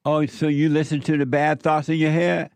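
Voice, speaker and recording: A man hosting a call-in show, giving advice to a caller in a slow, emphatic way and repeating his points. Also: fairly high pitch, little pitch movement, a little mellow, dry recording.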